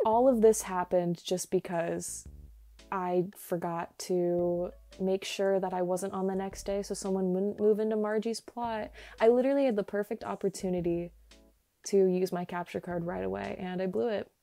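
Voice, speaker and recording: A young woman giving excitable, laughing commentary while playing a video game late at night, recorded on earbuds at home. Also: moderate pace. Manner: excitable, laughing, big pitch jumps and squeals. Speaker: gaming YouTuber. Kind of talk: casual gameplay commentary. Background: faint game music.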